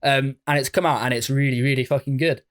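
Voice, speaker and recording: A man's voice: mid-range voice, steady tone, fast, a bit bright. A man co-hosting a casual music podcast, chatty and swearing casually as he talks about new releases. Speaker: podcast co-host. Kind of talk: casual chat.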